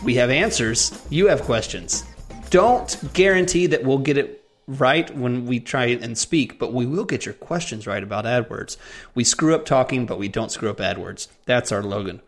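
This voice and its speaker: Goofy podcast host with faint music. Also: male voice, mid-range voice, moderate pace. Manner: goofy, excitable, laughing at himself. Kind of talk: casual podcast chat.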